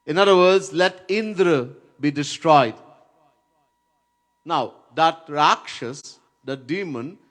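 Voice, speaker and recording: A man gives a devotional lecture in a fairly high voice, taking his time over every phrase. He tells stories, chants verses now and then, and drives points home by repeating key words. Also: fairly bright tone. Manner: storytelling, chants Sanskrit verses, stresses words by repetition. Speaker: swami giving a spiritual lecture. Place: Trinidad.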